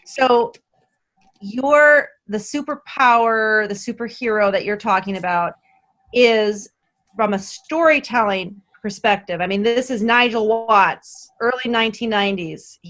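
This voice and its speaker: Enthusiastic higher-voiced woman guest. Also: measured pace, fairly bright tone. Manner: enthusiastic and emphatic, stressing points with repetition. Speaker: guest, company CEO. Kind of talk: casual podcast conversation.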